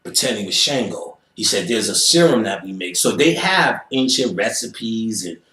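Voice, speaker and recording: A man's voice: on the low side, normal speed, reverberant. A man from Queens, telling a story in casual, profane talk and acting out the voices of the people in it. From Queens, New York. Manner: animated, profane, acts out quoted voices.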